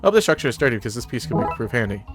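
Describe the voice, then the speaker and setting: A man gives casual let's-play commentary in a middle-pitched voice while under the weather. He reads the game text aloud and chats along, with music playing behind him. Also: very animated, very fast. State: under the weather, chapped lips.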